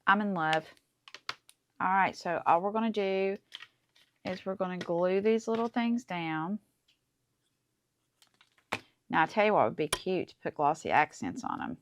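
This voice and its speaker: A woman's voice: lowish voice, lively intonation, moderate pace, a little hiss or hum. A woman hosting a casual crafting tutorial, chatty and enthusiastic as she talks through each step. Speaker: crafting channel host.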